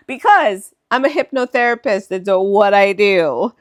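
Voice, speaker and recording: Woman, hypnotherapist, slow pace, medium pitch, casual reflective vlog, spiritual, meandering. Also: animated. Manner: meandering, spiritual, says "like" often.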